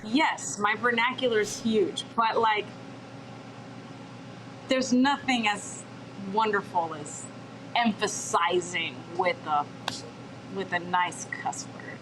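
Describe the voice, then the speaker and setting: A woman's voice: mid-range voice, takes it slowly, long pauses, noisy background. A woman guest chatting casually in an interview, playful and laughing, swearing freely. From born in Dallas, Texas, USA. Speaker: guest, TV show producer.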